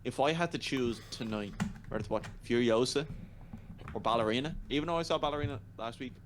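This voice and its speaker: A man's voice: mid-range voice, fast talker, slight background noise. A man co-hosting a podcast, chatting casually and emphatically about movies and repeating his points. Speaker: podcast co-host. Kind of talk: casual movie review chat.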